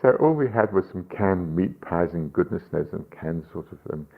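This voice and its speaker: An older man with a very low voice tells rambling, amused stories in a radio interview, laughing often and pausing on ums. The sound is thin and tinny, like an old telephone line. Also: lively intonation. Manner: chuckling, anecdotal storytelling with frequent hesitations. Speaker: rabbi and guest.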